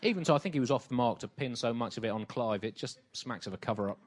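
A man performing deadpan satirical comedy, with a faux-serious tone and hesitant fillers. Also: medium pitch, quick pace. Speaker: comedy double act partner.

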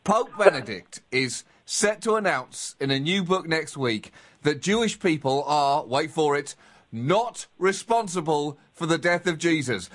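A man co-hosting a comedy podcast, teasing his partner with animated, mock-outraged emphasis. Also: fairly high pitch, unhurried. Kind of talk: comic banter.

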